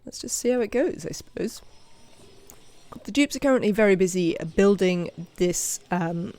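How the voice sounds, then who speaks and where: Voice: mid-range voice, animated, normal speed, darkish tone. An English streamer narrating a live video game session, chatting with viewers and scolding the game's characters. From England.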